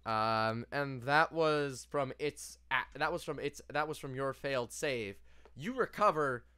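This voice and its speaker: A young man running a tabletop role-playing game as dungeon master, narrating playfully with laughs and halting restarts. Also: mid-range voice, bright, forceful tone, smooth, dry recording, studio quality.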